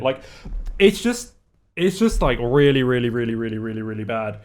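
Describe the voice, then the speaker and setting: A young man hosting a reaction video, excitable and sweary, laughing often as he comments. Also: mid-range voice, moderate pace.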